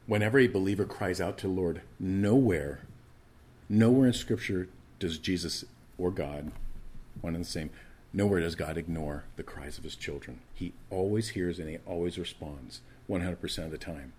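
A man preaching a morning sermon as pastor, swinging from loud emphatic lines to hushed asides and often repeating words as he restarts. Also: low-pitched, normal speed, slight background noise.

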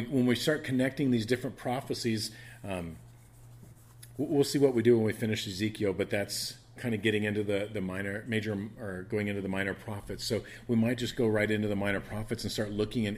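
A man teaching a Bible study, reading verses and explaining them in an earnest, conversational way, often restarting phrases and rising in emphasis. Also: lowish voice.

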